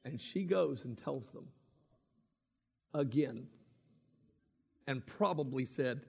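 A man preaching a sermon, swinging from booming emphasis to hushed, intimate passages, with slow, deliberate stresses. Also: gravelly, slightly rough.

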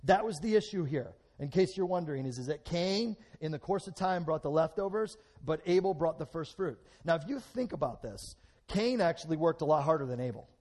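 A middle-aged man preaching a lively sermon, swinging between loud and hushed, acting out bits of dialogue. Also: a little high, brisk.

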